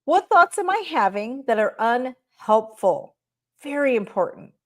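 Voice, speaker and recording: In a slightly high, very animated voice and at an unhurried pace, a woman gives a workplace training presentation on managing staff. She guides listeners step by step through questions, often checking in with "right?", in a recorded talk shared online.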